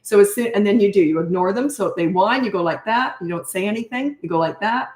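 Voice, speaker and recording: A woman's voice: mid-range voice, fast, darkish tone, reverberant. An older woman and parenting coach answering viewer questions in a frank, blunt, self-mocking way.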